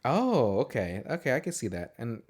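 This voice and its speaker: A man's voice: mid-range voice, huge pitch swings, moderate pace, a little mellow. A man co-hosting a casual movie podcast, talking in a rambling, profane way and laughing often. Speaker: podcast co-host.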